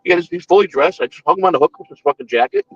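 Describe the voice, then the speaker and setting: A man's voice: high voice, animated, rapid-fire, fairly bright tone, highs cut off, faint music behind. A man hosting a morning show, telling a long story in casual, profane, rambling talk with frequent restarts. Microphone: streaming setup.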